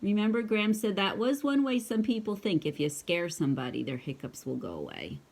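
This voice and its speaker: A woman's voice: sits low, sing-song, moderate pace, hardly any pauses. A woman reading a picture book aloud to her child, breaking off for chatty asides and playful hiccup noises. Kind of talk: casual storybook read-aloud.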